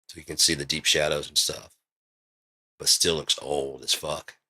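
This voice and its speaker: Deep-voiced man rambling excitedly. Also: moderate pace. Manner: rambling, profane, excitable storytelling. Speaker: vlogger. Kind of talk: casual rambling monologue.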